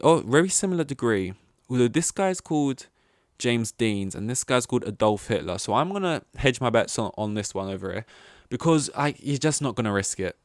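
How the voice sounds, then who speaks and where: A man's voice: lowish voice, no echo, studio quality. A young man hosting a solo podcast, rambling through tangents with many restarts. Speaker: podcast host.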